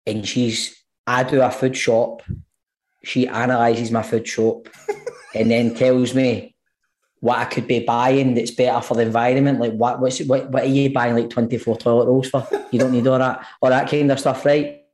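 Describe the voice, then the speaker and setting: A Scottish man co-hosting a podcast, telling animated stories with plenty of swearing. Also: mid-range voice, normal speed. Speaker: podcast co-host. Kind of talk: casual chat.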